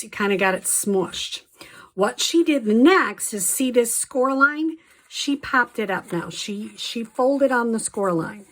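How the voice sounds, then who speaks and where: Slow, chatty woman demonstrating crafts. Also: mid-range voice. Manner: chatty, frequent ums, enthusiastic asides. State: slight allergy cough. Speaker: card-making demonstrator. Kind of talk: casual craft tutorial.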